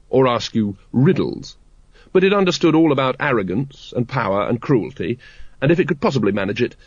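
A man's voice: medium pitch, darkish tone, dry recording. Male narrator, dry wry reading, mid-range voice, dull lo-fi recording. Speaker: audiobook narrator. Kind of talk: scripted narration.

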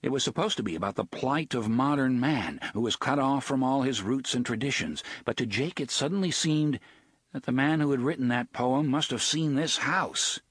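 Husky-voiced man narrating a tense audiobook. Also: mid-range voice, no echo. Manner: measured, suspenseful, slowing on tense beats. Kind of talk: scripted narration.

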